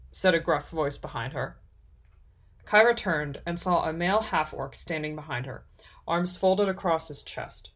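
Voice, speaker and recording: A woman narrating a fantasy story in a measured reading voice. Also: sits low.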